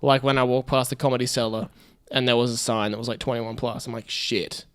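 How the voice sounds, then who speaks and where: A man, co-hosting a comedy podcast in casual, profane and excitable chat. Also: medium pitch, brisk, smooth. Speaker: podcast co-host.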